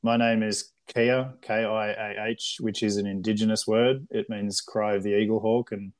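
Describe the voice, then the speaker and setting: A man with an Australian accent, a film director telling lively stories in a casual interview and acting out other people's voices. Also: on the low side, normal speed. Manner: animated storyteller, acts out voices, many fillers.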